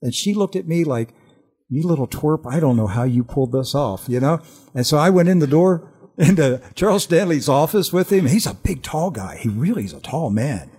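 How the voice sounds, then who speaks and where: An older man telling an earnest personal testimony on a Christian talk show, animated and full of restarts. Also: on the high side, moderate pace, slightly rough.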